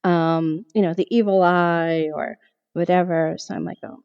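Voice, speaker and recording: Animated woman telling a story, muffled. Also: fairly low pitch, unhurried, smooth. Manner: animated, quotes her own past thoughts. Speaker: podcast guest, therapist. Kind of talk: storytelling in a podcast interview.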